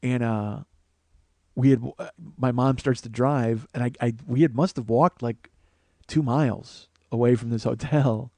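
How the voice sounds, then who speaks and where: A man in his forties, a podcast host, telling a profane, animated comedic story. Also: medium pitch, unhurried, no room sound. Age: 40s. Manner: profane, animated, restarts often.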